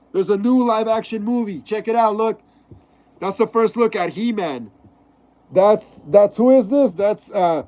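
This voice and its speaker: A man's voice: high-pitched, a little mellow. A young man casually hosting a live stream, reading chat messages aloud and stumbling over names. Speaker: livestream host.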